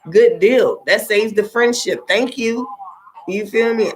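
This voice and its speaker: A woman's voice: mid-range voice, takes it slowly, a little hiss or hum. A middle-aged woman and tarot reader, talking in a casual livestream, blunt and profane as she preaches her advice.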